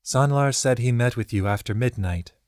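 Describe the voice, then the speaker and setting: A man's voice: medium pitch, moderate pace, a little mellow, dry recording, studio quality, voice pushed up, lightly acted. A man voicing a blunt, wry young woman adventurer in an audiobook. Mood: guarded.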